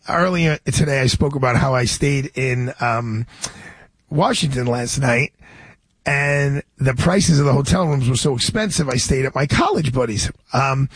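A man's voice: mid-range voice, slightly rough, no echo. A man in his sixties hosting a radio talk show, telling a rambling story full of restarts and asides.

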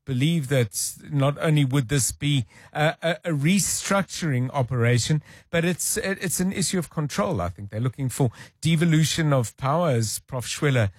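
A man's voice: fairly high pitch, normal speed, few pauses, slightly rough, dry recording, studio quality. A man hosting a live radio talk show, musing on listener views and reading out links with some restarts.

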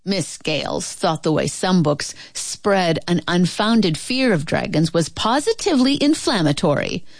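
A woman reads a children's picture book aloud, playful and expressive. Her voice sits fairly low but swoops widely through the phrases. The recording is close and dry with no room sound. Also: measured pace, gravelly, few pauses, no echo. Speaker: storybook reader.

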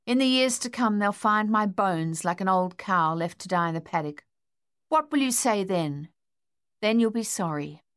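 Woman doing a sulky rebellious teen boy, lowish voice, defiant. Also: a little slow, fairly bright tone, no room sound, studio quality. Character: sullen defiant teenage boy locked in room.

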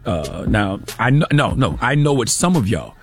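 A man's voice: on the low side, sing-song, normal speed, soft background music. A man hosting a show, delivering a sarcastic, emphatic commentary monologue that keeps driving points home with "okay?". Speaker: radio show host.

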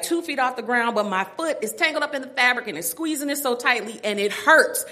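A middle-aged woman telling a personal story to an audience, animated and self-mocking, laughing often. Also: medium pitch.

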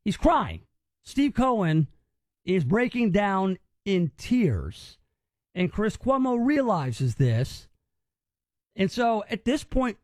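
A man's voice: sits high, dry recording, clean studio sound. A man hosting a radio talk show, mocking and incredulous as he picks apart news clips.

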